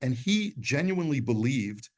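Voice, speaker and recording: A man's voice: medium pitch, sing-song, moderate pace, a little mellow. Man teaching a class, quizzing students. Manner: explanatory, quizzes the class, quotes Hebrew texts. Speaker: Torah teacher. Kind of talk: classroom lesson.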